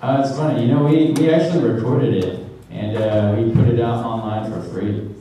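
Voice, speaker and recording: Guy voice actor joking around at a con panel, mid-pitched, big echoey room. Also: moderate pace, distant mic. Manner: joking, self-mocking, rambling storyteller. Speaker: voice actor, convention panel guest. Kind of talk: convention panel Q&A. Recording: echoey hall, mic heard from afar, noisy.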